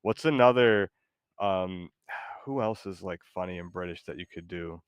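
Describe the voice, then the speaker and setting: Deep-voiced laid-back male streamer. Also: normal speed, clean tone, no room sound, lo-fi sound. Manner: laid-back, hesitant, laughing easily. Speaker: streamer host. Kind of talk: casual live-stream chat.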